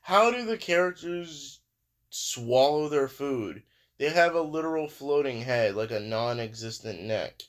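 A man's voice: mid-range voice, animated, measured pace. A man hosting a reaction video, musing aloud in a rambling, casual way with lots of fillers.

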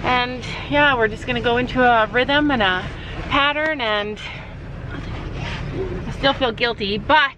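Brief: middle-aged woman vlogger, chatty, slightly high voice, dull recording with faint outdoor noise. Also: measured pace, long pauses. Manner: chatty, talks to pets in a high baby voice. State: out of breath. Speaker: vlogger, horse owner and mother. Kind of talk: casual vlog chat.

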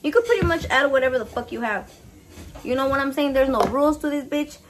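Here the Mexican-American vlogger, in her thirties, talks fast and expressively in a high register, cursing and rambling as she cooks at home and slipping in Spanish. It's relaxed cooking-vlog chatter. The recording has a slightly distant mic and faint background noise.

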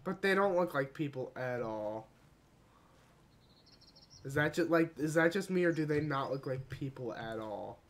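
A gaming video creator doing let's play commentary, talking to the game and breaking into dramatic shouts and cries. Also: mid-range voice, expressive, a little slow, pauses often.

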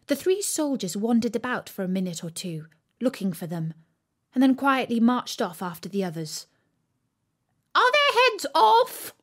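A woman reading a storybook aloud in a slow, expressive way for listening practice. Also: medium pitch. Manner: expressive, acts out the characters.

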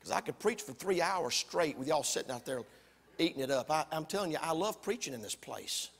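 A man, preaching a fiery sermon loudly, with folksy humor and shouts. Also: a little high, lively intonation, fairly quick, gravelly, slightly rough, big-room sound. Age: 40s. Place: church sanctuary.

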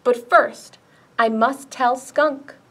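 A woman voicing a small, calm, polite snail in a children's picture book read-aloud. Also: high voice, slow pace, exaggerated voice.

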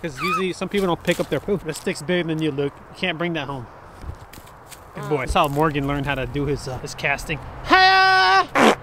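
A young man hosting a casual vlog, talking loudly and teasing as he speaks straight to the camera. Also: on the high side, steady tone, fast. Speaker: vlogger host. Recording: noisy handheld recording.

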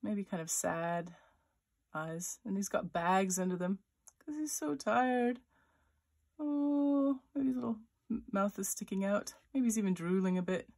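A woman's voice: mid-range voice, fairly even intonation, moderate pace, darkish tone. A woman author-illustrator leading a children's drawing tutorial, thinking aloud as she sketches and chatting playfully. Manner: voices little sound effects for her drawings.

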